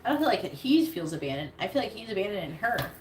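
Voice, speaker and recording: A woman's voice: medium pitch, big pitch swings, quick pace. A woman giving a live tarot reading in a casual, blunt way, swearing freely. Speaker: tarot reader. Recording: echoey room with noise.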